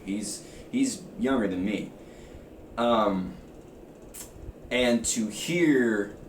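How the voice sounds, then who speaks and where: Young male reviewer, lowish voice, rambling casual delivery, roomy space with faint background hiss. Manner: rambling, filler-heavy, restarts. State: slightly rough, just woke up. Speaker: music reviewer. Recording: roomy, faint ambient noise.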